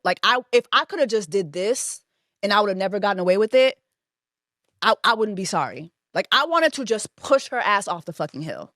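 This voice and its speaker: A woman hosting a podcast, telling a story in a casual, animated and profane way. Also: a little high, normal speed, dry recording, clean studio sound. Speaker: podcast host.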